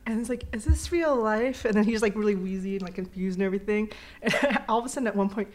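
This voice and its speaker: A young adult woman in casual chat, telling a story in an animated, giggly way with lots of "like". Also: mid-range voice, very fast.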